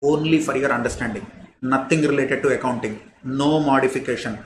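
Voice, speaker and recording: A man's voice: medium pitch, fairly quick. A man teaching an audit class, explaining step by step and repeating key phrases for emphasis. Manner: animated teaching with asides and examples. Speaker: audit lecturer. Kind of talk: classroom lecture. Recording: echoey room with faint background noise.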